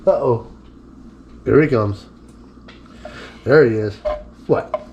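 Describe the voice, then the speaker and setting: This mid-pitched man moves slowly as he talks through a relaxed cooking video in his home kitchen, occasionally breaking off to address his dog. The highs are cut off, and a faint hiss lies under his speech.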